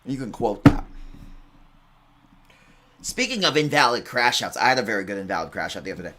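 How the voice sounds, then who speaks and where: A man's voice: on the low side, big pitch swings, brisk, noisy background. A young man telling rambling, casual stories at halftime of an online game broadcast, with bursts of exaggerated outrage.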